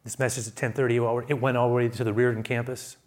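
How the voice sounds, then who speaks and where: A man preaching a sermon as pastor, who often restarts his phrases and swings between quiet asides and loud, raised emphasis. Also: level tone, fast. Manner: builds to loud, high-pitched emphasis, then drops to quiet asides; repeats words and restarts phrases.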